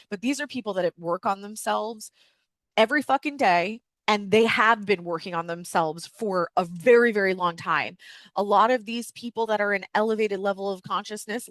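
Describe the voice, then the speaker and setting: A woman's voice: medium pitch, fairly bright tone, no room sound. A woman hosting a personal-growth podcast from home, talking candidly with frequent fillers and casual swearing. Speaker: podcast host. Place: home with dogs.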